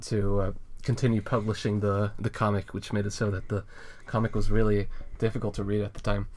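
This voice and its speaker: A man's voice: on the low side, flat delivery, a little fast, a little mellow, a little hiss or hum. A man co-hosting a casual chat, rambling with hesitant fillers and frequent laughs. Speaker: co-host reviewing a web comic.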